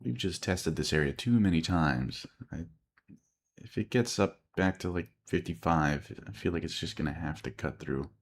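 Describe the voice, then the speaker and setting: A man's voice: rumbling low, normal speed. A tired man chewing gum as he talks, muttering and thinking aloud while he trades live on a stream. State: tired, yawning. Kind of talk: casual live-stream commentary.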